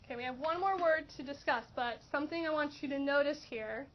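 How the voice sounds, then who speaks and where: Woman math teacher in class, bright high voice, muffled recording. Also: fairly quick. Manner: questioning, encouraging students. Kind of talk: classroom lesson. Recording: dull lo-fi classroom recording with faint noise.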